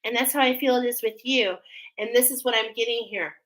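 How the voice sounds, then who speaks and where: Bright-voiced woman giving an oracle reading. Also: on the high side, steady tone, fairly quick, rough recording. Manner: rambling, checks in with frequent "okay?"; earnest, encouraging to the viewer. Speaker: oracle card reader. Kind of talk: intuitive card reading.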